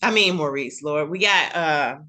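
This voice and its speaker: A woman hosting a casual recap chat, telling the story with lively acted-out quotes. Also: low-pitched, a little slow. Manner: animated storytelling, acts out characters' lines. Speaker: show recap host.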